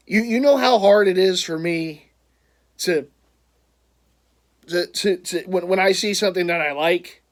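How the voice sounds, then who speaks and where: A man telling a story in a casual vlog, rambling, stumbling over his words, laughing often and getting loud when frustrated. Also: high voice. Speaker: vlogger, jersey collector.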